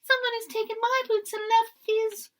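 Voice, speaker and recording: Tiny squeaky baby bear girl, woman doing her, way high, wailing, storybook. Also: flat delivery, moderate pace. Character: small girl bear cub, whiny and squeaky.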